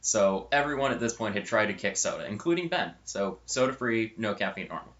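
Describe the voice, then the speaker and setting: With a lowish, lively, slightly bright voice, a young adult channel host briskly rambles through a funny college story, making self-correcting asides. The audio sounds dull.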